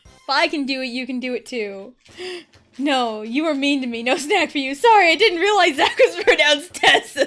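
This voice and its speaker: A woman's voice: sits high, moderate pace, sharp tone. A young woman streaming a video game, chatting casually, giggling and joking about herself. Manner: giggly, self-mocking. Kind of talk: casual gaming livestream chat. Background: faint game music.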